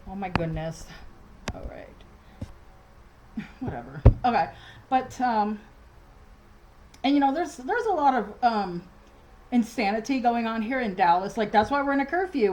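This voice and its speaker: A woman's voice: a little high, a little mellow, a little hiss or hum, low-quality recording. A woman ranting in a casual home vlog from her dining room, agitated and rambling, with many restarts and fillers. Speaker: vlogger.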